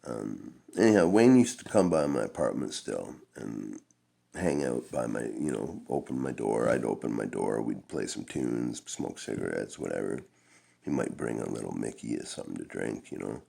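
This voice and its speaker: Middle-aged man, gruff and gravelly, laid-back, swears a lot, wanders off topic. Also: rumbling low, animated, normal speed, mellow. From Canada. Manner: long-winded, profane, laid-back. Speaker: storyteller. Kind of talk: rambling personal storytelling.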